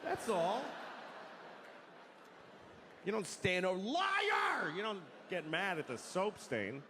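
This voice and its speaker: A man's voice: high voice, expressive, slow. A man doing a stand-up comedy set, swearing freely and acting out the voices of the people in his stories. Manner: profane, acts out quoted voices. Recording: long hall reverb, faint noise.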